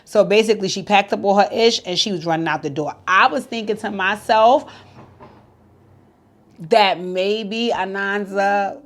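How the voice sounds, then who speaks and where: A woman's voice: mid-range voice, measured pace. A woman giving a casual, candid recap of a reality TV episode, chatty and freely swearing. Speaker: reality TV show reviewer.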